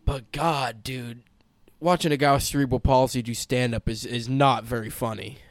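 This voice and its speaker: A man's voice: mid-range voice, steady tone, normal speed, dry recording. A young man co-hosting a podcast, chatting casually with lots of swearing, restarts and joking. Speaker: podcast co-host. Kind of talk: casual chat.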